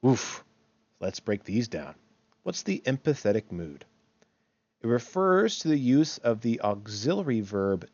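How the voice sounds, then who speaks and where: A man's voice: fairly low pitch, a little mellow, no room sound, dull audio. A man teaching English grammar in a recorded online lecture, chatty and thinking aloud, often checking in with "right?" and correcting himself as he goes.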